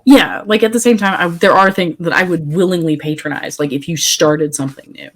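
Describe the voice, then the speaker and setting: A low-pitched woman co-hosting a podcast, talking casually and firmly. She speaks in quick, opinionated bursts and often restarts her sentences. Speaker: podcast co-host. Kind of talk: casual chat.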